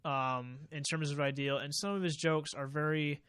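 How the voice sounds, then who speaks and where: A man's voice: on the high side, steady tone, moderate pace, fairly bright tone, clear, resonant tone, no room sound. A young man co-hosting a podcast in a small studio, a chatty storyteller who laughs often. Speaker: podcast co-host. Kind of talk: casual chat. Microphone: desk mic.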